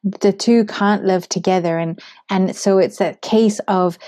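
A woman's voice: mid-range voice, fairly even intonation, a little slow, dark tone. A woman from Zimbabwe hosting a devotional podcast, talking in an earnest, reflective, conversational way. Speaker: podcast host.

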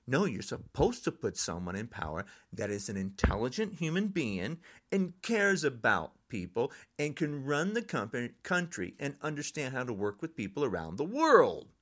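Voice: mid-range voice, very animated, normal speed, few pauses, a bit bright. Older podcaster, fired-up frustrated rant, voice swooping up and down. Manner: frustrated, angry ranting. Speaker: podcast host.

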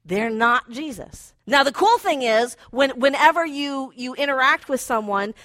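Lady preacher, kinda high voice, chatty sermon, dry close sound. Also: animated, a little slow, a bit bright, no room sound. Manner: conversational, playful acting out of inner voices.

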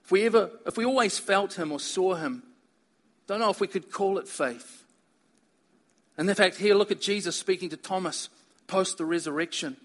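Man, high voice, earnest sermon, emphatic preaching. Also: normal speed. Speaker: pastor.

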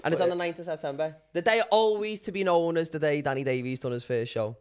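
A man co-hosting a podcast in casual chat, talking fast with stumbling restarts. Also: a little high, smooth. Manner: rapid, stumbling restarts, swears freely. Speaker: podcast co-host.

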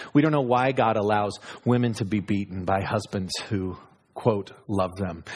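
A man preaching a sermon, moving between loud, high exclamations and low, hushed asides. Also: slightly rough. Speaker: pastor.

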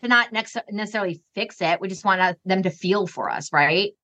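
A woman's voice: medium pitch, pushed and bright. A woman guest on a podcast, chatting and quoting herself in casual conversation. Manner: chatty, quick to agree, quotes herself.

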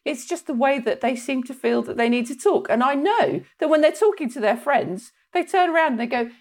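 A woman's voice: high-pitched, animated, a little fast, few pauses. A woman from England in casual chat, playful and given to mimicking accents. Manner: playful, slips into mock accents and laughs often.

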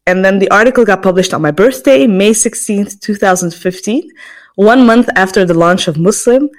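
A woman's voice: mid-range voice, moderate pace. A young woman in her twenties speaks as a podcast host. She tells her own story in a reflective, personal way. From Belgium. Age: 20s. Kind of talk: scripted podcast monologue.

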